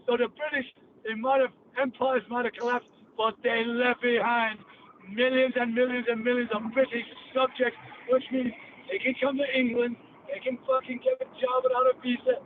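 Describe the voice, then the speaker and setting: A man's voice: extremely high pitch, flat delivery, moderate pace. A male podcast host with a Cockney accent, rambling through a brash, profane monologue. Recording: tinny phone-like line, faint hiss.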